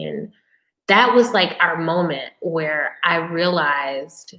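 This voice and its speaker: Lower-voiced woman telling a personal story. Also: animated, takes it slowly, fairly bright tone, roomy sound. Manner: candid, emotional personal storytelling; conversational, with frequent fillers and restarts. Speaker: live-stream host. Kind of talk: casual live-stream Q&A.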